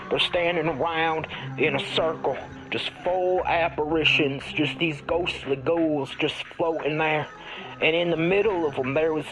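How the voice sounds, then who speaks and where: A man playing an eccentric, folksy ghost hunter who tells rambling stories with deadpan earnestness in an improvised comedy interview. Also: a little high, natural voice, low-quality recording.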